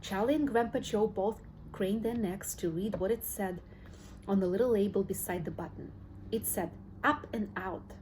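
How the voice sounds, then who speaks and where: A woman narrating a children's storybook in a steady, clear read-aloud delivery. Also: medium pitch, moderate pace, slight background noise, rough recording. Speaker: audiobook reader.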